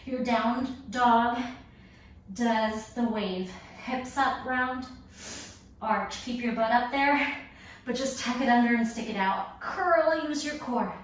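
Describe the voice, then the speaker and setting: A woman's voice: on the high side, takes it slowly. Breathless woman fitness instructor cueing moves. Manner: short, clipped exercise cues. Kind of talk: workout class cueing. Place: home workout space. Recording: echoey room from far off, faint noise.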